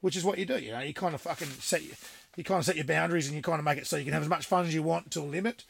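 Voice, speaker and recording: A man's voice: a little high, very fast, creaky, a bit bright, slight background noise. A man telling rowdy stories on a podcast as the guest, swearing freely and laughing as he talks. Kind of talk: casual storytelling.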